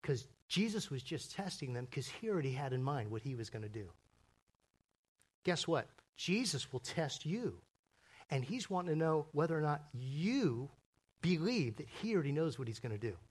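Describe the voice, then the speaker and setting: High-voiced animated male pastor preaching. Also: breathy edge. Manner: animated, acts out biblical characters in voices. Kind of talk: sermon.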